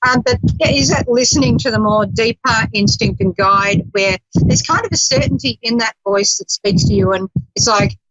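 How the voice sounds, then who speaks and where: A woman's voice: a little high, moderate pace, few pauses, fairly bright tone, no room sound. A woman hosting a spiritual talk radio show, chatting casually, laughing often and acting out quoted voices. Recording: dull lo-fi radio audio.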